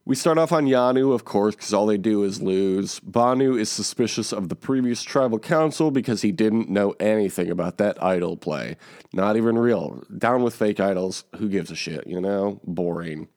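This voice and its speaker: A man hosting a casual podcast, joking around and tossing mumbled asides between louder bits. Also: fairly low pitch, moderate pace. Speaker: podcast host.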